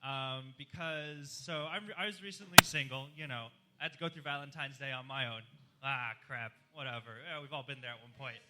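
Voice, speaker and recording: A man's voice: mid-range voice, fairly quick. A man doing live stand-up comedy in a club, chatty and self-deprecating as he riffs with the crowd. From outside the US.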